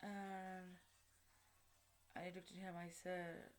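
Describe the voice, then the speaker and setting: Halting woman telling her story. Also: on the low side, level tone. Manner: halting, with many fillers and restarts; blunt, with casual swearing. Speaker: vlogger. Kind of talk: personal storytelling.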